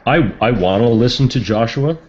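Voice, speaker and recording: A man's voice: mid-range voice, lively intonation, normal speed, darkish tone, muffled recording. A man playing a tabletop game, describing his character's actions hesitantly. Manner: hesitant, with many fillers. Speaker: player. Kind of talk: tabletop role-play.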